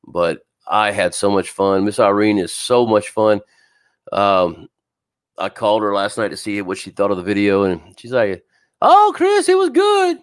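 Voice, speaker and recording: On a live fishing stream, a man with a fairly low, steady, smooth voice talks at a normal pace to the camera from his streaming setup. He chats casually, greets viewers by name, and laughs often, sometimes with a wheeze.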